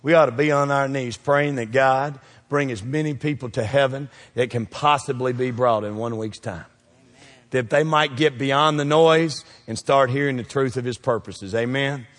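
A man preaching a sermon, asking the congregation to call out the missing words and swinging between loud peaks and quiet asides. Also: mid-range voice, normal speed. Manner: call-and-response preaching, asks the crowd to fill in words. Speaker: pastor. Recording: long reverb of a church hall.

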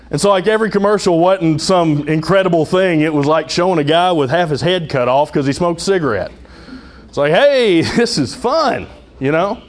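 A man's voice: a little high, a little mellow. A man preaching a sermon as pastor, conversational with humorous asides and dramatic retellings.

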